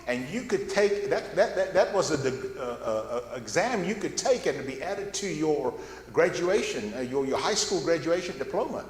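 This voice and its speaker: A man's voice: a little high, very animated, moderate pace, few pauses, roomy sound, long reverb tail. An older man giving a folksy, rambling Bible class talk, often repeating words as he goes. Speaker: guest speaker at a Bible class. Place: church classroom.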